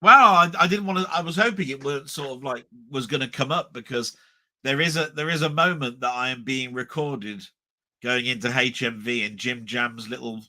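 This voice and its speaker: A man's voice: mid-range voice, moderate pace, pushed and bright. A man hosting a live stream, chatting casually and jokily, often repeating and restarting his words. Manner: rambling, repeats words, jokey.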